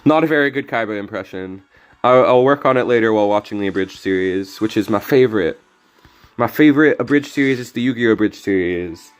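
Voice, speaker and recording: Faint music sits under a young man streaming a card game, his voice on the low side, clear and resonant. He talks briskly in a laid-back, joking manner, often mumbling little asides as he plays.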